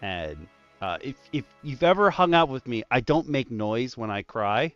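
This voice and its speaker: A man hosting a casual roundtable stream, telling stories with lively jumps in his voice. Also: medium pitch, normal speed, highs cut off, faint music behind. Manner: animated storyteller, voice jumps up in punchlines. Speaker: stream host, dungeon master.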